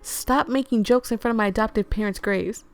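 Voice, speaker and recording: Brief: woman as a young game heroine, earnest and quietly searching. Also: fairly high pitch, fairly quick, faint music behind, voice pushed up, natural voice.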